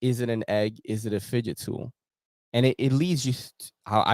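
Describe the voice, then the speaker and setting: A man's voice: on the low side, animated, moderate pace, no echo, clean studio sound. A young man hosting a casual gear show, chatting in laid-back slang while browsing a website and laughing often.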